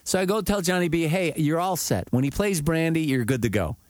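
Animated, profane man telling a story. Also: fairly high pitch, brisk, dry recording, clean studio sound. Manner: profane, animated, acts out quotes. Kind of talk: casual storytelling.

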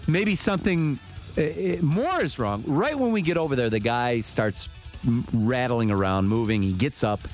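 A man's voice: medium pitch, moderate pace, soft background music. A man telling a story in casual chat, swearing freely and acting out what people said. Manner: profane, animated, acts out quotes.

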